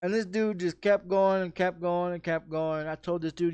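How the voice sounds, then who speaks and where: A man's voice: sits high, steady tone, normal speed, few pauses, darkish tone, clean tone, no echo. A streamer telling a story in casual chat, blunt and heavy on profanity, often repeating his phrases.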